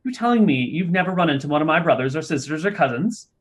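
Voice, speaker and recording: A man's voice: fairly high pitch, expressive, fast talker, lightly acted. A man voicing a tiny male forest gnome who talks in a fussy, haughty way. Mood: indignant.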